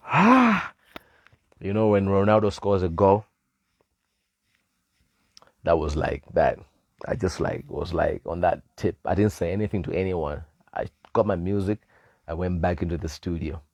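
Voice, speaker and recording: Low-voiced man telling a story. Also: normal speed, dry recording. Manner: animated, laughs often, acts out quoted voices. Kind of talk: casual storytelling. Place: live stream.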